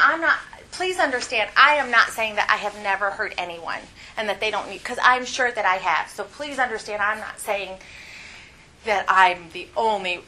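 A woman's voice: mid-range voice, sharp tone, slight background noise, rough recording. A middle-aged woman teaching a Bible lesson at church, candid and confessional, laughing often as she talks.

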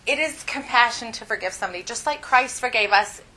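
A woman's voice: a little high, lively intonation, a little fast, bright, forceful tone, rough recording. A middle-aged woman teaching a Bible lesson at church, candid and confessional, laughing often as she talks.

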